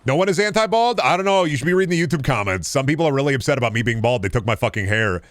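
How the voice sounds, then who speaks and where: A deep-voiced man talking on a gaming stream, his pitch swinging widely as he jokes and swears. He chats loosely between plays, speaking close to the microphone. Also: animated, dry recording. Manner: chatty, profane, quick asides while playing. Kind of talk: casual gaming stream chat. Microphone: close studio microphone.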